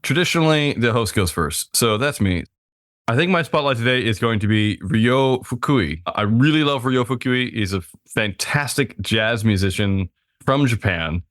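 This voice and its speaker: A man's voice: mid-range voice, lively intonation, normal speed, a bit bright, dry recording, clean studio sound. A man hosting a podcast, chatting casually and upbeat while reading out the show's plugs. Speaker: podcast host.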